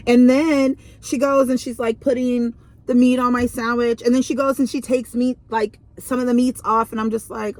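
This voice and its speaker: A woman's voice: fairly high pitch, moderate pace, darkish tone. A young woman reading tarot in a casual vlog, chatty and rambling, full of fillers and restarts. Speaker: tarot reader.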